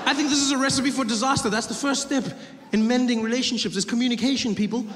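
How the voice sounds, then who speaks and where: Man from South Africa, stand-up comedian, high voice, long hall reverb, audience noise, animated storytelling. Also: fast. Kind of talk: stand-up routine.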